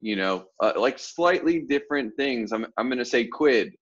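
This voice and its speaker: A man's voice: mid-range voice, expressive, moderate pace, lo-fi sound. A man from the southern United States, a sales coach, explaining ideas casually with examples on a group coaching call.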